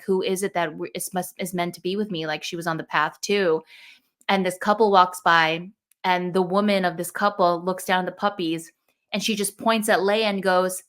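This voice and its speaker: A young woman telling a personal story in casual conversation, animated and acting out the thoughts she quotes. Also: on the low side. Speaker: podcast guest.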